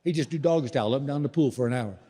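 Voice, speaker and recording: A man's voice: mid-range voice, very fast, dark tone, breathy edge, big-room sound. A middle-aged man doing a stand-up routine, telling folksy stories and acting out the voices of the people in them. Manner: folksy storytelling, acts out voices in quotes. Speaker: stand-up comedian.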